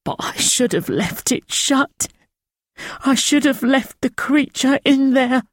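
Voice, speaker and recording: A frightened, feverish peasant man with a thin, rasping voice pitched well up and trembling , as a male audiobook reader puts him on. He pleads slowly and shakily, close to tears. The recording is dry and close. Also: expressive, a bit bright, no room sound, full character voice. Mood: terrified. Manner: pleading, shaky and tearful. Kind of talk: audiobook character voice.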